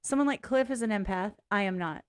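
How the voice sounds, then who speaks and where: Brisk and clear, her mid-range voice has a resonant tone. As the host of a reaction video she offers casual personal commentary, speaking bluntly and frankly while she rambles, swears, and keeps interrupting herself.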